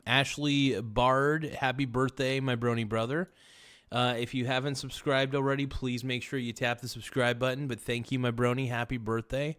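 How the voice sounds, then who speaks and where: Rambling through a casual livestream, a man jokes with viewers in chat and chants goofy phrases. He speaks at a moderate pace in a medium pitch with flat delivery, and his tone is fairly bright and clean.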